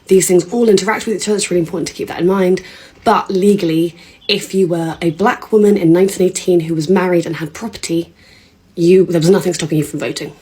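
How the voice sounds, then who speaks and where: A young woman, chatting and telling stories to the camera in a lively way. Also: fairly low pitch, fast talker. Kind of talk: casual storytelling to camera.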